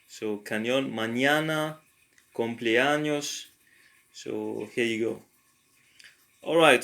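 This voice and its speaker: A man talking through a language lesson in a casual, halting way, pausing often to think aloud with fillers. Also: medium pitch, fairly bright tone. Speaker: language learner and tutor.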